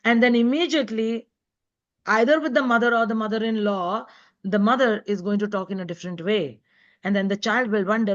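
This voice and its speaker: A woman's voice: medium pitch, a little fast. A woman author speaking as a guest in a live online talk, earnest and emphatic. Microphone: video call. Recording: dull lo-fi web call audio.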